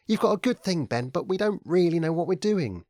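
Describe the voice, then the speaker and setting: A man voicing a frank young woman who is sceptical and teasing, speaking briskly in a raised voice. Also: fairly low pitch, lively intonation, dark tone, dry recording, voice pushed up, lightly acted. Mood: wry. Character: wry, frank young British woman, Ben's partner.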